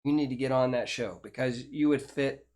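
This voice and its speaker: A man's voice: medium pitch, normal speed, darkish tone. An older man, hosting a casual chat show and talking in a rambling, chatty way with frequent restarts. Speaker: host.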